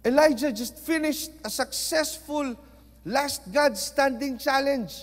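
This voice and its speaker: A man with a Filipino accent preaching a sermon, moving between hushed and emphatic delivery and mixing Tagalog into his English. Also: extremely high pitch, slow, in a large hall.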